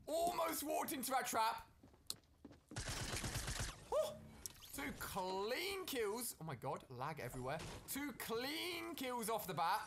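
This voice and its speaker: A man's voice: extremely high pitch, big pitch swings, slow, pauses often, crowd noise. A man giving upbeat, chatty commentary over his own gameplay video and talking straight to his viewers. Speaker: gaming video creator.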